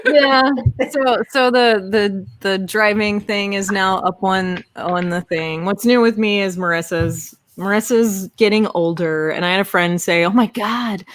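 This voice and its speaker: A woman in her forties, co-hosting a podcast, chatting casually and telling animated stories with plenty of swearing. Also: medium pitch, unhurried, few pauses, no room sound. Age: 40s. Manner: animated storyteller, swears freely. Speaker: podcast co-host. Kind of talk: casual chat.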